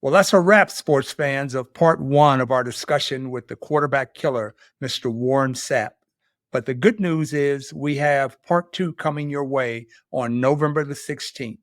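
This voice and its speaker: Male sports podcast host, upbeat, mid pitch, dry close mic. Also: normal speed, dry recording. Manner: upbeat, brief affirmations. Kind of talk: interview hosting.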